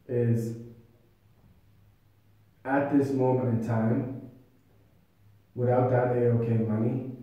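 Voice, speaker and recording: A man's voice: mid-range voice, phone-quality sound. A man urgently recounting a grievance in a meeting, quoting what others said to him. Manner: earnest, urgent, often quotes others. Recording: very echoey room, voice far from mic.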